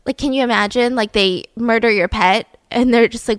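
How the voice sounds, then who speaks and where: A woman hosting a podcast, telling a true-crime story in a chatty, animated way, full of fillers. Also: a little high, moderate pace, no room sound. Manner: chatty, animated, frequent fillers and acted-out quotes. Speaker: podcast host.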